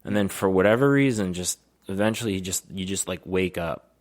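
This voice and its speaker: This is a podcast co-host, a man in his thirties, swapping profane stories in casual conversation and laughing a lot. His voice is low-pitched and his pace fairly quick.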